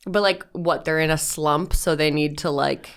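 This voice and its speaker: A woman's voice: low-pitched, fairly even intonation, moderate pace, clear, resonant tone. A young woman co-hosting a sports podcast, chatting casually with sassy slang. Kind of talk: casual chat.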